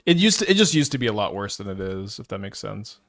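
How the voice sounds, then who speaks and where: A man with a voice on the low side, very animated, fast, and fairly bright, gives casual live commentary while playing a card game, in studio-quality sound with no echo. Thinking aloud, he stutters and restarts often, with many fillers.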